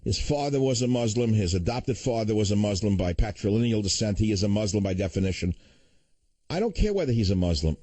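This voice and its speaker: Man, radio talk host, combative rant, husky low voice, dry close sound. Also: dark tone, no room sound, poor audio. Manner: combative, ranting, insulting. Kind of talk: political talk radio commentary.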